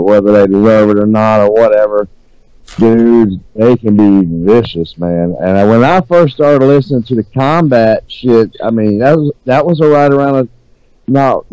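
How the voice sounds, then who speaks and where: A man's voice: mid-range voice, warm tone, clean tone, dry recording, lo-fi sound. A man hosting a podcast in casual chat, laid-back and rambling, often hedging his words. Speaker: podcast host.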